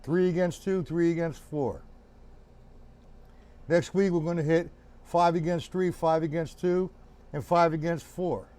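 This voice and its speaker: A man teaching a live-streamed drum lesson, explaining rhythms, counting beats out loud and greeting viewers by name. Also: on the high side, steady tone, measured pace, long pauses.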